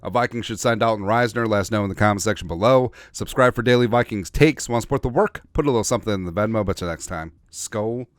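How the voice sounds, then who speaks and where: A man's voice: on the low side, fast, hardly any pauses, no room sound, clean studio sound. Blunt, sarcastic sports podcast man. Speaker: podcast host. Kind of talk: opinionated sports commentary.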